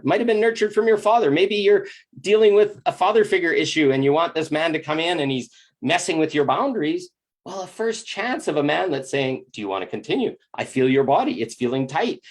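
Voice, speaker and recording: With a high-pitched voice, lively intonation, and a moderate pace, a spiritual relationship coach delivers a confessional monologue about relationships. He swears freely and speaks intensely and bluntly, sounding emotionally open and earnest.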